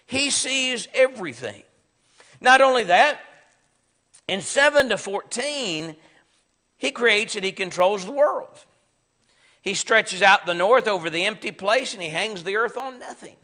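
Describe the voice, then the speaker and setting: A man's voice: sits high, expressive, unhurried, long pauses, bright, forceful tone. A man with a Southern American accent teaching a Bible class in a conversational, emphatic way. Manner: conversational, emphatic, acts out sarcastic quotes. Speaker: preacher.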